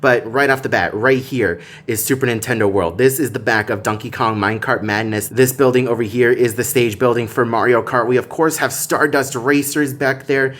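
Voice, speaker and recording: Man, theme park vlogger, hotel room tour, chatty, excitable, indoor room. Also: moderate pace, few pauses. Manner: chatty, easily excited, jumps up in pitch when surprised.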